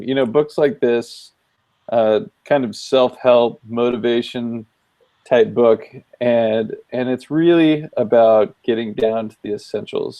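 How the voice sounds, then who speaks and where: A man co-hosting a casual video-call chat, easygoing and thoughtful, pausing with frequent ums. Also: medium pitch, mellow, rough recording. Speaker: co-host. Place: home office, video call.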